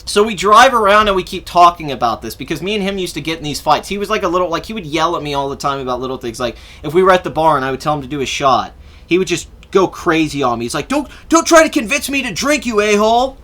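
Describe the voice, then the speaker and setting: High, bright-voiced man telling a rambling story. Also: lively intonation, fast talker. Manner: rambling, swears freely, acts out quotes. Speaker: podcast host. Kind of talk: casual storytelling.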